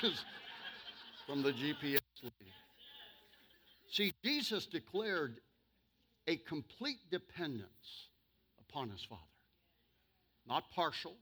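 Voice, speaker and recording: Male pastor, sermon delivery, bright and slightly high, jokes then slows for emphasis. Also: big pitch swings. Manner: humorous, with sudden loud bursts and slow emphatic stretches.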